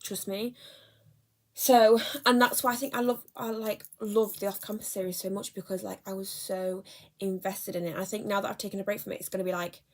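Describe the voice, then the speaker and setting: A woman's voice: mid-range voice, fairly even intonation, fairly quick. Chatty young woman vlogging. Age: young adult. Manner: chatty, rambling, self-correcting. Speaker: book vlogger. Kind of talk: casual chat.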